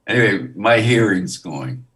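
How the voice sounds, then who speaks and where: A man's voice: on the low side, expressive, unhurried, a bit bright, far from the mic. A man hosting a live stream, chatting, asking questions and laughing easily. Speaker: host.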